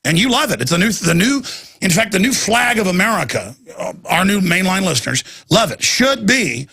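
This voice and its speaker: A man's voice: high-pitched, sing-song, fairly quick, creaky, bright, forceful tone, breathy edge. A middle-aged man hosting a talk radio show, delivering a heated, ranting monologue with mocking asides.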